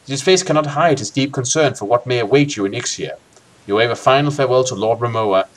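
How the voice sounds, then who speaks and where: A man hosting a co-op game session, reading a gamebook aloud expressively and tossing in joking asides. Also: fairly low pitch. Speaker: let's play host.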